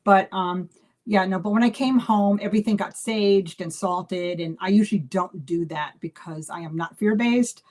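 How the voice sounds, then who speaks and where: Chatty woman telling animated stories. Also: mid-range voice, normal speed. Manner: animated storyteller acting out dialogue; chatty with many fillers and restarts. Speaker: psychic medium. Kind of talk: casual live video chat.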